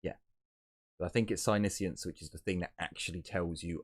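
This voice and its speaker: A man narrating a tabletop role-playing game from a home setup, his voice very low and deep. He talks in a halting way, often restarting sentences and filling gaps with "um". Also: steady tone, crowd noise. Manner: halting, with many fillers and restarts. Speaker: game master.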